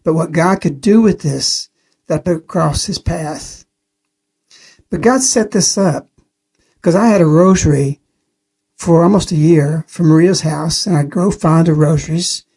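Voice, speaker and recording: Man, radio testimony, husky voice, earnest plain storytelling. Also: fairly high pitch, unhurried, a little mellow. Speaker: religious radio speaker. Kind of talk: spoken testimony on a radio program.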